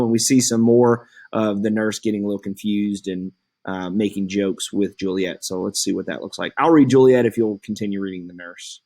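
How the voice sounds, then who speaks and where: Male teacher, low voice, slow and halting, lots of uh. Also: darkish tone. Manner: slow with frequent uh fillers. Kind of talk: explaining a play to a class.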